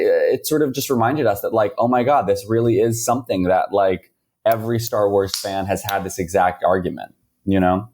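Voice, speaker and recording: A man's voice: fairly low pitch, darkish tone. A man being interviewed as a musical writer, speaking earnestly and casually with many fillers. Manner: enthusiastic, filler-heavy, earnest.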